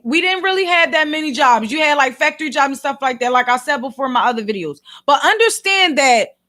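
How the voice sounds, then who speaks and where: A woman with a Philadelphia accent rants straight to her audience in a vlog. Her voice sits very high and comes across bright and sharp. She talks with exasperated, slangy energy. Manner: exasperated, animated ranting full of slang. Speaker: vlogger and podcast host. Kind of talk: ranting commentary.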